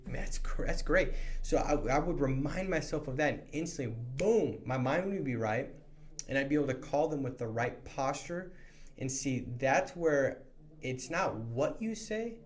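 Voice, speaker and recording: A man giving a motivational sales training talk to new insurance agents, energetic and conversational, often restarting his sentences. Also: fairly high pitch, moderate pace.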